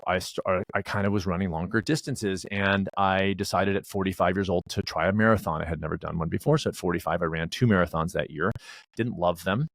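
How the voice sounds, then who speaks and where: A man's voice: low voice, vocal fry, no echo. A middle-aged man in a casual interview, telling a rambling story and acting out bits of dialogue. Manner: rambling storyteller, acts out dialogue, many restarts. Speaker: wellness director and race director.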